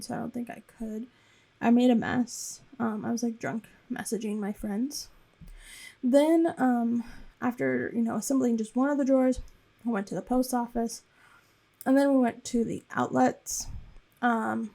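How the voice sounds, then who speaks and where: A young woman narrates her vlog in a loose, chatty way, with lots of filler as she wanders from point to point. Her voice sits a little high, with a warm, mellow tone and a gravelly vocal fry running through it. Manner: rambling and chatty, with frequent fillers. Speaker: planner vlogger. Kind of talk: casual voice-over recap.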